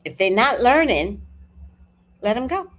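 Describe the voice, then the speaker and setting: A woman's voice: on the high side, a little slow. A woman hosting a live talk, chatting casually and profanely, telling a personal story and acting out what people said. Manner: animated, profane, storytelling with acted-out quotes. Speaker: host. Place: at home.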